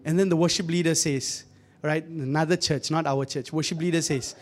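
A man's voice: on the high side, fairly even intonation, brisk. A young man preaching a conversational sermon, often calling out to the congregation and joking in asides. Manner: joking, laughs at his own asides.

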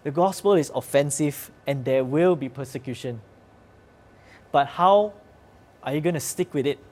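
A male preacher speaks earnestly and conversationally. His voice is slightly high for a man, and he sometimes pauses on fillers as he goes. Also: a little mellow. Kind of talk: sermon.

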